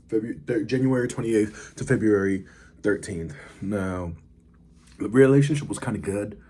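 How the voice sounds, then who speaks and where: A man's voice: on the low side, mellow, a little hiss or hum. A man talking casually to camera, rambling with fillers as he reviews food and tells a story. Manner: laid-back, rambling with fillers. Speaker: vlogger.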